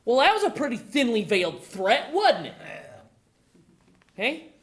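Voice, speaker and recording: A woman's voice: fairly high pitch, a little slow. A woman giving a live talk to a group, asking the audience questions and acting out conversations. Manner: animated, acts out conversations, asks the audience questions. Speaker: presenter at a gun owners' meeting.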